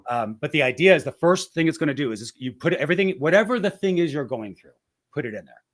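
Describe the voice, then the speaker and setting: A man's voice: on the high side, lively intonation, quick pace, a bit bright. A man talking as a guest in a casual interview, explaining a process step by step with frequent restarts and "right?" tags.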